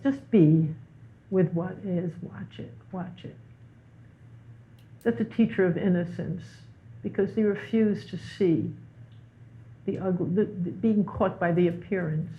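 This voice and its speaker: A woman guest teacher in a spiritual conversation, telling stories animatedly and repeating words for emphasis. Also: medium pitch. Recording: tinny phone-like line.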